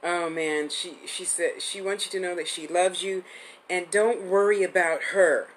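Unhurried and fairly even in intonation, her voice sits on the low side, and the audio is poor. She's a woman in her fifties hosting a live-streamed psychic reading, affectionate and chatty, rambling and restarting as she goes.

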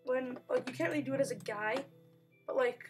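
A young woman chatting excitably over her gameplay, with sudden outbursts and playful mock growls. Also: high voice, brisk, soft background music. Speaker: gamer narrating gameplay. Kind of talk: casual let's-play commentary.

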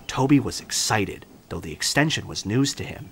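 A man narrating a children's story in a gentle, expressive storytelling manner. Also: on the low side, moderate pace, hardly any pauses, slightly rough.

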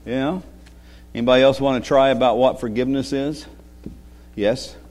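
A man giving a children's sermon as pastor, speaking gently, asking the kids questions and chuckling often. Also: mid-range voice, fairly even intonation, normal speed. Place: church sanctuary. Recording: long reverb of a church sanctuary.

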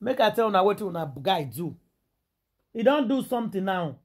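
Dramatizing every point with big pitch swings, a Nigerian celebrity gossip vlogger talks in English mixed with Pidgin, exclaiming loudly and repeating herself. Her husky delivery is theatrical and sing-song, running a little fast.

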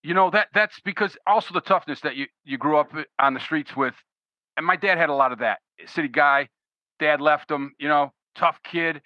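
With a relaxed, supportive manner, a man hosts a casual interview podcast and frequently addresses his guest as "man." His voice leans high and he keeps a moderate pace, heard through dry, dull lo-fi audio.

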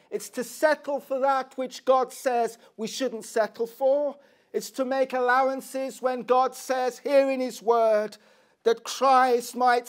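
High-voiced preacher, slow and earnest. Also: male voice. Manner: earnest, rhetorical questions to the congregation. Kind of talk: sermon.

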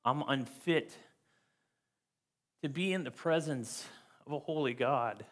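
A man's voice: medium pitch, takes it slowly, pauses often. Earnest man preaching a sermon. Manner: earnest, emphatic, repeats key words. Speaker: pastor. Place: church.

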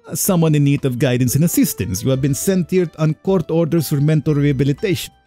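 A man's voice: a little high, fast talker, dark tone, faint music behind, voice pushed up, close to an everyday voice. A man voicing an eager, overly friendly male psychiatrist in a put-on Spanish-type accent, read from a visual novel game. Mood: cheery.

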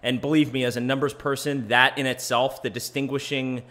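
Bright-voiced rambling man hosting a podcast. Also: mid-range voice, level tone, brisk. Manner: rambling, self-deprecating, chuckling. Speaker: podcast host. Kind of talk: casual podcast monologue.

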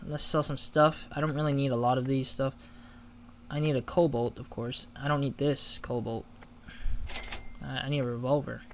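A man's voice: medium pitch, fairly bright tone, a little hiss or hum. A man hosting a gaming channel, giving casual let's-play commentary, chatty and flustered when he loses.

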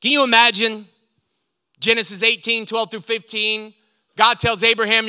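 A male pastor delivers an animated sermon, acting out lines of scripture dialogue. His voice sits high and rings bright. The sound is dry and close, with little room behind it. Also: normal speed, smooth, no echo. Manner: animated preaching, acts out dialogue.

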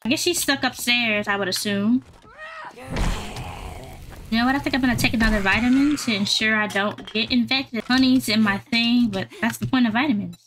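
A woman giving casual gameplay commentary, chatting to her viewers and getting excitable during fights. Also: a little high, moderate pace, slight background noise. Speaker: gaming YouTuber.

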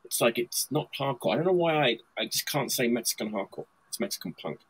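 Animated and fast, a husky medium-pitched man hosts a laid-back video-call chat showing off punk record picks. He rambles excitedly, leans on fillers and laughs a lot.

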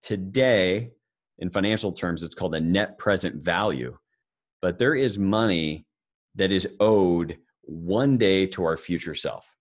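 A man's voice: low voice, measured pace. A man giving a live financial seminar, talking conversationally and joking with the audience. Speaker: financial speaker presenting to an audience.

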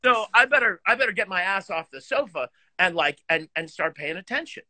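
A middle-aged man tells stories over a video call, his high voice leaping all over and slightly husky. He is animated and self-deprecating, laughing often, and the sound is dry and close. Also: fairly quick, no echo. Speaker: guest musician and teacher. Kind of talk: casual chat, storytelling.

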